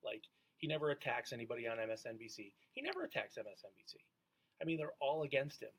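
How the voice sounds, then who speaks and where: Brief: male radio show regular, mid-pitched, blunt, matter-of-fact. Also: fast, slightly rough, rough recording. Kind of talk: casual chat.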